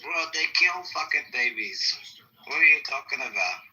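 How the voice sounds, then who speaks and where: A man's voice: medium pitch, lively intonation, moderate pace, sharp tone, poor audio. A man talking in casual political banter, blunt and profane, with emphatic repetition. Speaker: podcast host.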